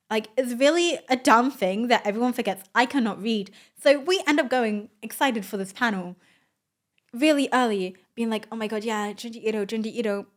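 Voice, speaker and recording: A young adult woman, a vlogger, telling a story in a casual voice-over, chatty and excitable, full of "like" and "oh my god". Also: fairly high pitch.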